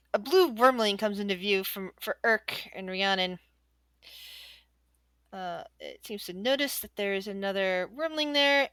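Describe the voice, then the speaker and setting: A woman narrating a tabletop game as game master, describing events with pauses and small self-corrections. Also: medium pitch, bright, forceful tone, dry recording.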